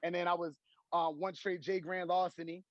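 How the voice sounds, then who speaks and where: A man's voice: high voice, flat delivery, moderate pace, no room sound, lo-fi sound. A young man, a rapper guest, telling his story in casual interview chat and breaking into rap verses.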